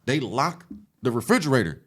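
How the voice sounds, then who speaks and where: Man, from the los angeles area, podcast guest, animated streetwise storytelling, profane, mid-pitched voice. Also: moderate pace. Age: adult, after an 18-year sentence. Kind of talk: casual storytelling interview.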